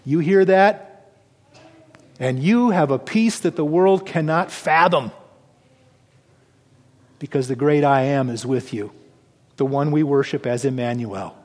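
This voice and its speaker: A man preaching a sermon, swinging between raised exclamations and hushed, low passages. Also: a little slow, long pauses, big-room sound. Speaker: pastor.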